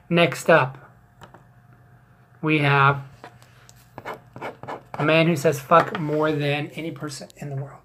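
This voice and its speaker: A man's voice: fairly high pitch, a bit bright, slight background noise. A man hosting a casual fantasy football league recap, joking and teasing with plenty of swearing.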